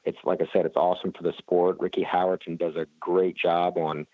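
A man's voice: low voice, level tone, fairly quick, dry recording, narrow, tinny audio. A man, a racer being interviewed, talking casually and rambling with lots of fillers and restarts. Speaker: flat track racer, guest.

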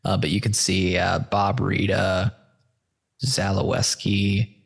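A man's voice: low-pitched, monotone, slow, vocal fry, husky. A man hosting a casual screen-share chat, loose, stoned and a bit profane as he walks through search results. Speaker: host.

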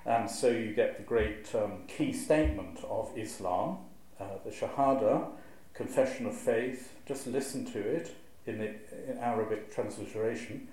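A man's voice: lowish voice, normal speed. Wry clergyman in an echoey hall. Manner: lively, wry, recites verse with marked rhythm. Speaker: clergyman giving a talk on preaching. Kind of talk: lecture to a live audience. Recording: very echoey hall, faint ambience.

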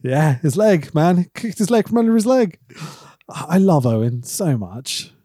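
A man co-hosting a podcast in casual chat, animated and quick to laugh. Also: no echo, studio quality. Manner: animated, breaks into high laughs and shouted impressions. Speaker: podcast co-host.

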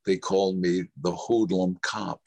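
A man's voice: deep voice, steady tone, a little slow, creaky, a little mellow, no echo. An older man, an actor guest, telling rambling stories in an interview, with restarts and quoted dialogue. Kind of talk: anecdotal interview storytelling.

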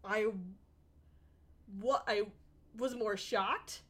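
A young woman co-hosting a casual chat, excitable and gushing, often acting out lines. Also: mid-range voice, drawn-out words.

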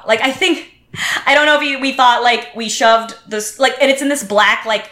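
Woman guest, bright and fairly high voice, animated storyteller, roomy echo. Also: normal speed. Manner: animated, acts out quotes, many restarts. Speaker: podcast guest. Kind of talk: casual storytelling chat.

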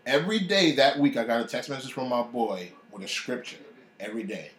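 A man's voice: medium pitch, very animated, a little fast, fairly bright tone. A man casually telling a personal faith story. He talks with animation and acts out the voices of people he quotes. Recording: echoey room.

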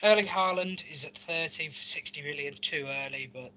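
A man's voice: a little high, moderate pace, pushed and bright. A man hosting a casual football chat, reading out rankings and joking as he rambles. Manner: jokey, rambling, reads out rankings. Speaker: podcast host. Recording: lo-fi recording.

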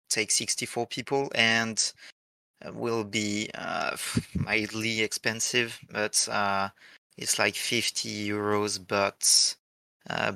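A man's voice: fairly low pitch, vocal fry, sharp tone, no echo. A French man, a podcast guest, talking in a hesitant way with lots of fillers and frequent laughs. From France. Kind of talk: casual podcast chat.

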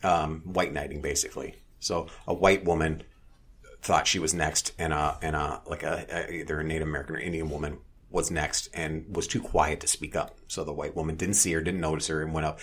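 A man's voice: a bass voice, flat delivery, a little fast, a bit bright, slightly rough. A man in casual chat, telling blunt, profane stories as a podcast co-host.

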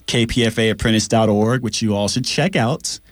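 A man's voice: on the low side, a little fast, dry recording. Chatty man in a dry radio studio. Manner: animated storyteller, chatty with fillers. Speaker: radio apprentice co-host. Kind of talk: casual radio chat.

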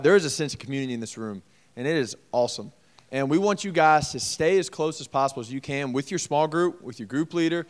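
Man, youth pastor, smooth clear voice, fairly high, encouraging. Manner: encouraging, casual preaching. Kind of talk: addressing a youth group.

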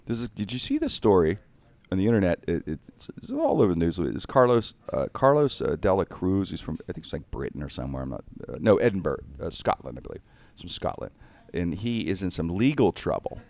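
Animated lively-voiced man telling stories. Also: deep voice, fairly quick, no echo. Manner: animated, jokey, acts out other people's lines. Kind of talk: casual storytelling chat.

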